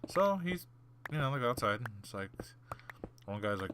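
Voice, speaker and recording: Very animated and at a moderate pace, a gaming channel host with a mid-range voice tells a long, rambling story over gameplay. There's noise in the background, and he fills his talk with fillers, restarts and muttered whispered asides.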